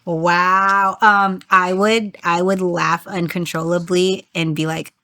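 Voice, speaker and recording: A woman's voice: lowish voice, little pitch movement, slow pace, sharp tone. A young woman hosting a podcast, chatting casually, teasing her guest and laughing often. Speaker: podcast host.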